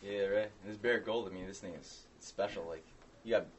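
A man's voice: lowish voice, fairly quick, a little hiss or hum. A man co-hosting a casual political chat, rambling and hesitant with many restarts.

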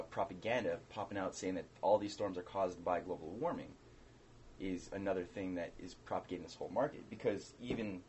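A man's voice: low voice, darkish tone, slight background noise. A man co-hosting a casual political chat, rambling and hesitant with many restarts.

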